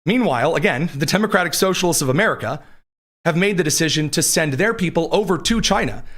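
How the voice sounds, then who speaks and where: A man's voice: on the high side, expressive, fast, fairly bright tone. A man hosting a live political commentary show from a studio, combative and sarcastic, reading news quotes aloud between his own remarks.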